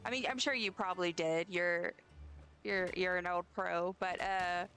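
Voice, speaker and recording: Chatty woman streamer with a gravelly edge. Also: lowish voice, steady tone, a little slow, a bit bright, faint music behind. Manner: rambling, chatty, talks straight to her chat. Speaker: game streamer. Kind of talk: casual live-stream chat while playing.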